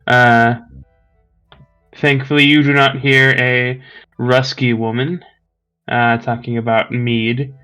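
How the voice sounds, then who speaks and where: A man running a tabletop game as game master, narrating in a relaxed, halting way with many fillers. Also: medium pitch, smooth, faint music behind.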